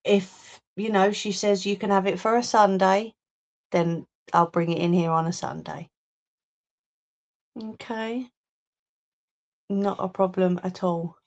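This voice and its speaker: Unhurried, chatty woman hosting a home crafting livestream, reads out and answers viewer comments. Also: medium pitch, fairly even intonation, darkish tone. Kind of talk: casual live chat while crafting. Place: home craft room, indoors. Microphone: phone or webcam on a livestream.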